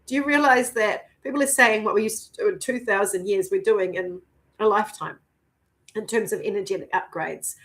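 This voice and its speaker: A woman's voice: medium pitch, a little fast. Woman, 50s, spiritual coach vlogging; swears freely, punches words, then drops to a whisper. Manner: profane and emphatic, swings between declaring and hushed whispers. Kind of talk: spiritual vlog monologue.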